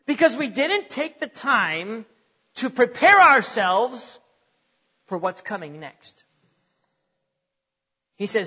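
A man's voice: extremely high pitch, big pitch swings, takes it slowly, pauses often, sharp tone, slightly rough. A middle-aged man preaching a sermon with emphatic, dramatic swings in volume and pace, recorded with dull lo-fi sound and a long hall reverb.

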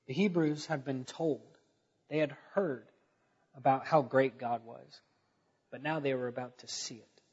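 A man's voice: mid-range voice, a little slow, a little mellow, slightly rough, in a large hall, dull audio. A man preaching a conversational sermon, telling the story in casual talk with fillers and stressing key points.

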